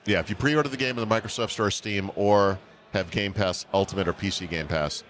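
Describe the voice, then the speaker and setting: Wry, rambling man with a low voice. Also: fairly quick, fairly bright tone. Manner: rambling, wry, self-correcting. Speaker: podcast co-host. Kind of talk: casual tech chat.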